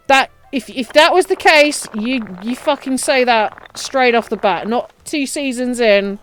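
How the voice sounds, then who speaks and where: A woman with a high-pitched, unhurried voice streams a building game, chatting casually as she plays, swearing, ranting and laughing often.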